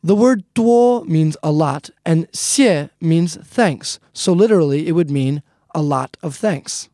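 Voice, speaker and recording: A man's voice: on the high side, expressive, takes it slowly, mellow, dry recording, studio quality. A man teaching a casual language lesson, friendly and repetitive, often calling the listeners "guys". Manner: friendly, repeats points, calls listeners "guys".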